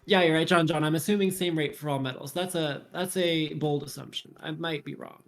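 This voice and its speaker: Gravelly man analyzing puzzle solutions. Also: a little high, a little fast, faint music behind. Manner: analytical, thinks aloud through numbers. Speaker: tournament stream commentator. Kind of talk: casual puzzle-solution commentary.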